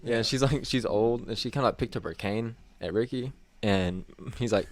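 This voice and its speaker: A man's voice: fairly low pitch, a little fast, no echo. A man co-hosting a podcast, telling a story in casual chat and acting out the people in it. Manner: animated, acts out quoted people with a raised voice. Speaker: podcast co-host.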